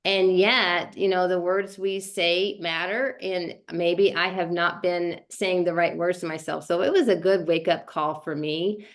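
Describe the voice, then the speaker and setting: Female, lowish voice, rambling and warm-hearted sharing during a casual call. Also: steady tone, a little slow, few pauses. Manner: chatty, many fillers and restarts.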